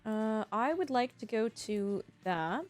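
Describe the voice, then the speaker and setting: A woman's voice: on the high side, expressive, slow, a little mellow, faint music behind. A woman streamer chatting casually with her live viewers, bubbly and effusive, laughing often.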